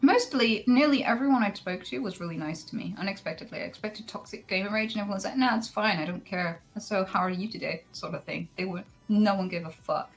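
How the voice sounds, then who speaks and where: A woman chatting with friends, recounting a story in an unhurried, candid way. Her voice sits at a middling pitch and she swears freely, acting out what others said. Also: soft background music, poor audio. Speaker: streamer guest. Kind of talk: casual group chat, storytelling.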